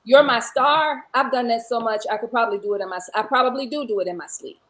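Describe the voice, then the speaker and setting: A woman's voice: on the high side, very fast, low-quality recording. A woman who teaches line dance and paints murals, chatting in an interview and acting out the dialogue in her stories. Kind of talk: casual interview storytelling.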